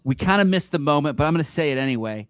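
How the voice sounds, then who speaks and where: A man's voice: fairly high pitch, lively intonation, racing. A man hosting a casual betting stream, easygoing and steering the segments. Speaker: stream host. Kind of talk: casual betting show chat.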